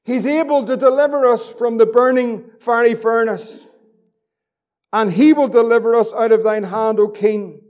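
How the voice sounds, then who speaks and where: A man's voice: very high-pitched, fairly even intonation, moderate pace, darkish tone. A man preaching a fervent sermon as pastor, repeating phrases and reading scripture aloud.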